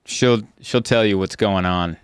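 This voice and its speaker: A man hosting a podcast in casual chat, telling animated stories and jumping into high voices when he quotes people. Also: unhurried, smooth, no room sound, studio quality. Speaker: podcast host.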